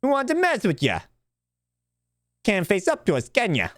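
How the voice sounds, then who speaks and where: A man's voice: sits high, huge pitch swings, moderate pace, a bit bright, no echo, studio quality, voice pushed up, full character voice. A man voicing a sneering male bully Pokémon in a game, taunting in a raised voice. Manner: taunting, mocking.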